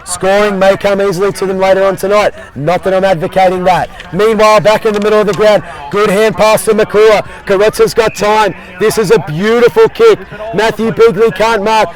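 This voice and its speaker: A man calling an Aussie Rules match as play-by-play commentator, jokey and excitable, working outdoors at the ground. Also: sits high, moderate pace, rough recording. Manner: jokey, excitable, repeats "I'll tell you what". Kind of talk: sports commentary. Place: outdoor sports field. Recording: crowd noise behind outdoor commentary.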